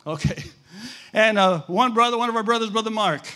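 A man's voice: sits high, a little fast, sharp tone, smooth. A man preaching as a missionary, telling a story to his audience with dramatic flair and frequent questions to them. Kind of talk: animated sermon storytelling.

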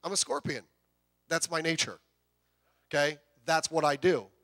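A man's voice: fairly high pitch, moderate pace, voice pushed down. A man voicing a sly, cold male scorpion in a spoken fable, coaxing and matter-of-fact. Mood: flat. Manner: smooth coaxing, then flatly matter-of-fact.

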